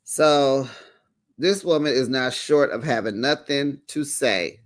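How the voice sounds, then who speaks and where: A man hosting a casual recap of a reality show, sassy and animated, with lots of "honey" and "child". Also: mid-range voice, takes it slowly. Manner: acts out the quotes in put-on voices.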